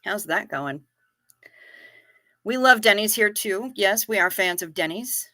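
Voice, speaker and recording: A woman's voice: medium pitch, animated, unhurried, sharp tone, dry recording. A woman hosting a live stream, chatting casually, telling jokes and reading out viewer messages. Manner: chatty, joking, reads chat aloud.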